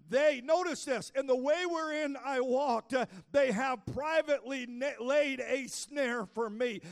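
High, gravelly preaching pastor. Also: male voice. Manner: preaching with rising intensity, frequent "uh" fillers, shouted exhortation. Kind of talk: sermon. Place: church sanctuary.

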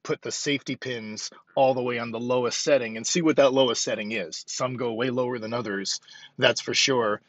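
A man in his fifties talking casually about strength training while driving to work, fast and rambling, highly caffeinated. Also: a bit bright, dry recording, highs cut off. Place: car on the way to work.

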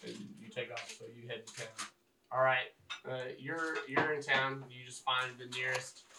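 A man's voice: medium pitch, steady tone, moderate pace, heavy background noise. A man narrating a tabletop game as game master, casual and rambling. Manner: casual, rambling, lots of fillers. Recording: roomy echo, mic at a distance.

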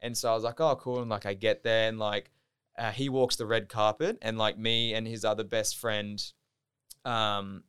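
A man's voice: lowish voice, little pitch movement, normal speed, a bit bright, clean tone. A young Australian man telling a story in casual podcast chat, loose and sweary, leaning on "like" as a filler. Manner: loose, swears often, heavy use of "like". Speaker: podcast guest, Olympic diver.

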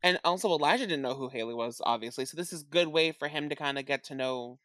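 A woman co-hosting a casual TV recap podcast, excitable, laughing often and swearing. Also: sits low, fast talker, no room sound, clean studio sound. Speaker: podcast co-host.

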